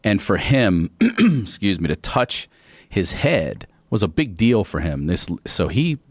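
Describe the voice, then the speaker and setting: A man from Baltimore spins a comic story in a studio chat, his low voice rising and falling a lot as he acts out the people in it. The sound is dry and close to the mic. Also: slow, no echo. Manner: animated, acts out voices and sings bits. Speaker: comedian guest.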